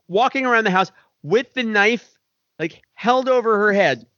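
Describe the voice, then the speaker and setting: A man's voice: high voice, normal speed, pushed and bright, no echo, lo-fi sound. A tipsy man co-hosting a casual movie-review chat, chatty and campy. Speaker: podcast co-host.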